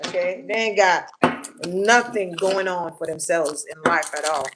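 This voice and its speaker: A woman's voice: medium pitch, noisy background. A woman giving a casual collective tarot reading, blunt and slangy, swearing freely and repeating words for emphasis. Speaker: tarot reader.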